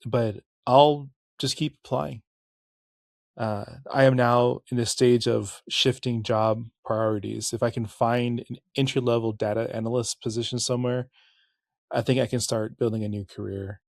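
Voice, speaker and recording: A man's voice: mid-range voice, fairly even intonation, moderate pace, creaky, no echo, studio quality. A middle-aged man hosting a podcast, talking casually and candidly, cursing, restarting sentences and correcting himself as he moves into history narration. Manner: rambling, candid, curses, frequent restarts and self-corrections. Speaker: podcast host.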